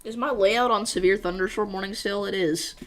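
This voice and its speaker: A woman's voice: medium pitch, steady tone, brisk, slight background noise. An American woman giving casual live storm-tracking commentary, reading viewer chat aloud and bantering with them. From United States. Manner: self-deprecating. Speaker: weather livestreamer.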